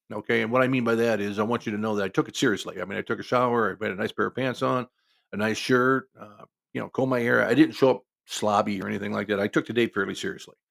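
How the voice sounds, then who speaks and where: A man's voice: medium pitch, gravelly. A man telling a story in a casual, rambling way, full of restarts and asides.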